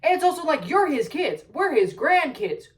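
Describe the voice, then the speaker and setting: A woman's voice: high voice, big pitch swings, normal speed, far from the mic, poor audio. A young adult woman telling a story at home in a casual rant, swearing a lot, exasperated and full of rambling asides. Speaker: vlogger.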